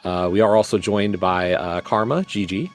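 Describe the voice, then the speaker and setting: A man's voice: low-pitched, moderate pace, faint music behind. A man commentating a live video game race, then chatting casually with the players. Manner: relaxed, chatty, asks players questions.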